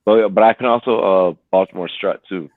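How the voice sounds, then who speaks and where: A man from D.C. co-hosting a live football watch-along, excitable and swearing. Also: brisk, no room sound. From Washington, D.C. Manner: excitable, swearing, bursts into high yelps. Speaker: podcast co-host. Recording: dry, phone-like line.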